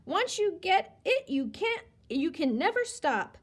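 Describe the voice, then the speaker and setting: A woman's voice: very high voice, big pitch swings, slow, voice pushed up, full character voice. A woman doing a squealing five-year-old girl. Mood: gleeful. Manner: sing-song, squealing. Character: bossy, shrill little girl.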